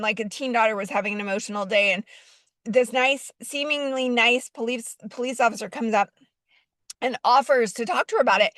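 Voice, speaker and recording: A woman's voice: fairly high pitch, a bit bright, no room sound. A woman casually telling a personal story to camera, rambling with many fillers and restarts.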